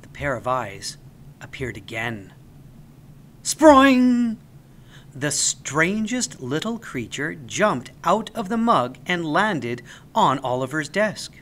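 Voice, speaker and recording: A man reading a children's story aloud as the storyteller, with an expressive, animated delivery. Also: a little high, takes it slowly.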